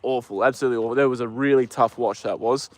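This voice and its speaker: A man's voice: mid-range voice, quick pace, no room sound. Laid-back Australian guy chatting live. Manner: relaxed, rambling, many ums and uhs. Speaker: live-streamer. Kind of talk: casual live-stream chat. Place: outdoors with a horse.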